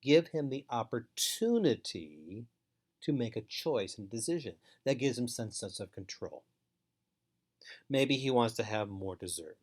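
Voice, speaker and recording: Male trainer, mid-pitched, measured and emphatic, repeats advice for parents. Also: very animated. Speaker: foster care trainer. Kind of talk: instructional talk to parents.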